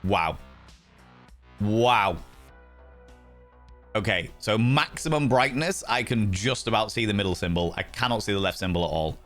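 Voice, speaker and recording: A man's voice: lowish voice, animated, unhurried, long pauses, fairly bright tone, faint music behind. A man streaming a game, chatty and rambling while he sets up settings. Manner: chatty, rambling and self-mocking. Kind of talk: casual live-stream commentary.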